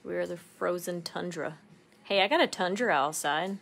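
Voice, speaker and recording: A woman's voice: on the low side, moderate pace, vocal fry, fairly bright tone, faint music behind. A woman co-hosting a craft livestream, chatting casually, laughing often and reading viewer comments aloud. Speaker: craft channel co-host.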